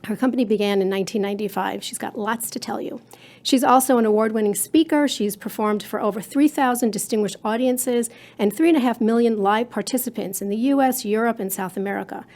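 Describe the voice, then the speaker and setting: Woman host with a fairly high voice, effusive and complimentary when introducing guests. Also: brisk, a little mellow. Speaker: podcast host. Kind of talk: interview hosting.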